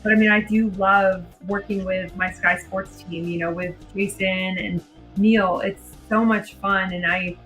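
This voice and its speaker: A bubbly woman in her thirties chats casually as a guest on a sports podcast, laughing easily between thoughts. Her voice sits at an ordinary middle pitch for a woman. Faint music plays underneath. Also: steady tone, a little slow, a bit bright, poor audio. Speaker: podcast guest, American football coach. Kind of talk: casual chat.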